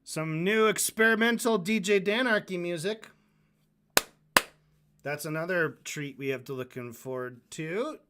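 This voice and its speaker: A man's voice: high-pitched, measured pace, loud music behind the voice. A man hosting a livestream, reacting to clips with sarcastic, casual commentary. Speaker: livestream host.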